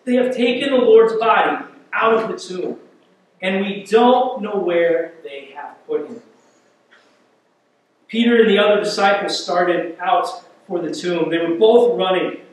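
Preaching from the pulpit of a church, this man speaks in a voice that sits high, with a faint hiss or hum underneath. As pastor, he brings a scripture story to life, building intensity through repeated words, captured from afar in a reverberant hall.

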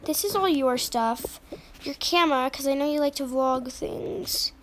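A woman voicing a slow, sighing mother. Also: high-pitched, fairly bright tone, slight background noise. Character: fussy newly divorced mother unpacking for kids.

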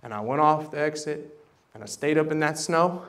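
A man preaching a sermon, animated and dramatic, acting out voices and swinging from loud bursts to hushed tones. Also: on the high side, moderate pace. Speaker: pastor. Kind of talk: sermon storytelling. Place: church service.

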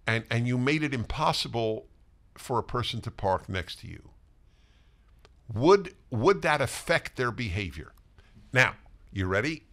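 An older man co-hosts a casual talk show, his voice lively and swinging widely in pitch. He tells stories with a bright, forceful edge, often restarting and repeating his words as he goes. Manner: animated storyteller, frequent restarts and repetitions. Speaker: co-host.

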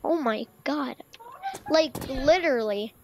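A woman's voice: sits high, takes it slowly, slight background noise, low-quality recording. A young woman giving casual let's-play commentary, rambling and stammering with many fillers into a desk mic. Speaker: gaming YouTuber. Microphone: desk microphone.

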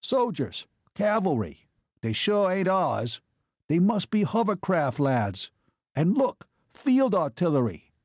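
A man's voice: medium pitch, very animated, takes it slowly, dark tone, husky, no echo, clean studio sound, exaggerated voice. A man voicing an eager male sidekick who talks in casual slang. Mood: excited.

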